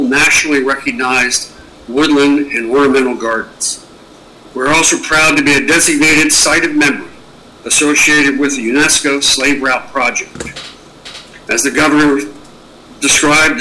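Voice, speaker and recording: A man who is president of a foundation delivers a prepared statement to a public board in a measured way. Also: mid-range voice, sharp tone, slight background noise, poor audio. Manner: measured, reads a prepared speech. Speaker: president of a historic site foundation.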